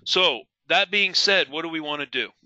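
Middle-aged male webinar instructor, fairly high and very bright voice, emphatic and questioning. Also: normal speed, dry recording, highs cut off. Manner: asks the audience questions, emphatic, repeats key words. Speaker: trading instructor. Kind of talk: live webinar teaching.

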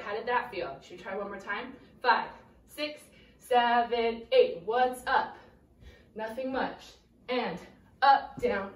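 Young woman dance teacher, high voice, slow and upbeat counts, a bit breathless, distant camera mic in a roomy echoey space. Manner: cheerful, counts beats and calls out steps while dancing. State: slightly out of breath. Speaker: dance instructor. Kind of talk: dance lesson for children. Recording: echoey room, voice from afar.

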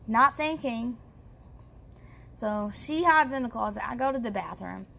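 A young woman vlogger telling a story casually, animated and profane, addressing viewers directly. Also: fairly high pitch, a little fast, a little hiss or hum.

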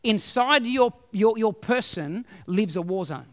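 A male pastor preaching a sermon in a chatty, animated, storytelling way. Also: high-pitched, unhurried, long reverb tail.

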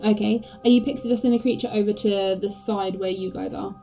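A woman's voice: medium pitch, fairly even intonation, a little fast, dark tone, soft background music, rough recording. A woman game master narrating a tabletop game, describing scenes hesitantly with many fillers.

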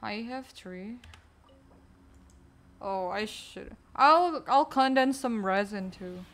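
A woman streaming a game, chatting casually with teammates in a low, weak, energy-saving way. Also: expressive, slow pace, fairly bright tone. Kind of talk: casual live-stream chat while gaming.

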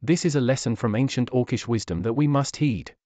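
A man voicing a stern orc war chief who speaks low and measured. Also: warm tone, no room sound, natural voice.

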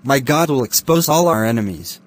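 A man doing a wealthy, secretly wicked uncle in a Christian cartoon. The voice is husky and sits at an ordinary male pitch. He talks in a bossy, scornful way. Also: animated, moderate pace, close to an everyday voice. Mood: concerned. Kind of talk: Christian animation voice acting.

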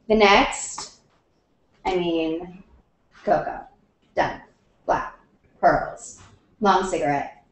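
Chatty woman on an echoey video call. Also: medium pitch. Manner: chatty and upbeat, with many fillers and asides. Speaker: DIY blog host answering viewer questions. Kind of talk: casual chat. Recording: roomy echo on a video call.

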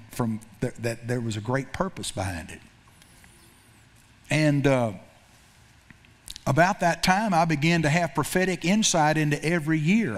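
Man preaching in storytelling style. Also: medium pitch. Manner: storytelling with repetitions and self-corrections. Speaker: pastor. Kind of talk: sermon.

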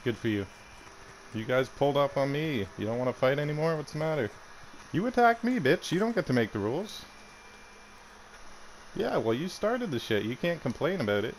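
A man's voice: medium pitch, sing-song, normal speed, long pauses, slight background noise. A young Canadian man trash-talking another player during an online game, mocking and swearing. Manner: taunting, profane, mocking. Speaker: gamer streamer.

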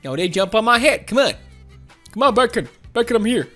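A woman hosting a gaming channel, giving excitable, playful let's-play commentary with frequent laughs and shouts. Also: a little high, fairly quick, faint music behind.

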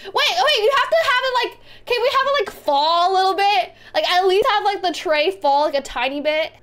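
Very high-pitched giggly woman streamer. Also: lively intonation, brisk. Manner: giggly, cursing, breaking into laughter. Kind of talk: casual livestream chat. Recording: music playing in background.

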